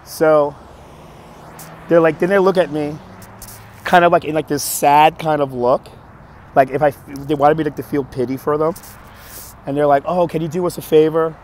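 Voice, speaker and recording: A hoarse man who keeps coughing, telling a story on a live stream in an animated, exasperated way. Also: fairly high pitch, normal speed, pauses often, a little hiss or hum. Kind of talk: casual storytelling to chat.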